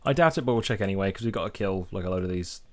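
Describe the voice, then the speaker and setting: Male let's play host, quick relaxed commentary, low-ish voice, keyboard clicks behind. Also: slight background noise. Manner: relaxed, musing, with self-corrections. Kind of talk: casual gameplay commentary.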